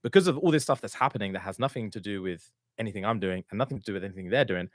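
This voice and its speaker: A man in casual podcast chat, rattling through stories at a brisk clip. He slips into his friends' voices as he tells them. The sound is close and dry, with no room in it. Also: on the low side, no echo. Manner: animated storyteller acting out friends' lines. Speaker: podcast co-host.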